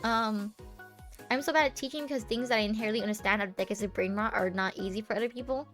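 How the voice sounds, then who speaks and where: A woman's voice: medium pitch, fast, fairly bright tone, soft background music. A young woman streamer chatting casually with her viewers, playful and teasing, giggling often and rambling with lots of fillers.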